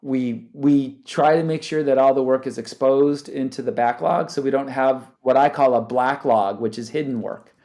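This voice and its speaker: A man's voice: medium pitch, moderate pace, few pauses, a little mellow. A man speaking as a podcast guest, talking animatedly, often restarting sentences and laughing. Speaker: guest, startup founder. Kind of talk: conversational interview.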